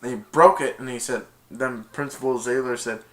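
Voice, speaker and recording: A man retells a movie scene by scene in a loose, excited ramble, stumbling over restarts and chuckling along the way. His voice has a bright, forward edge. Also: medium pitch, moderate pace. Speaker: movie reviewer. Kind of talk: casual movie recap.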